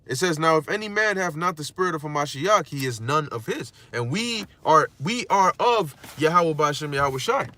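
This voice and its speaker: A man's voice: on the high side, lively intonation, moderate pace, hardly any pauses, bright, forceful tone, slight background noise. A man teaching scripture in a casual, slangy and blunt way, often checking in with his listeners. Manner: slangy, streetwise, blunt with occasional cursing. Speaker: preacher.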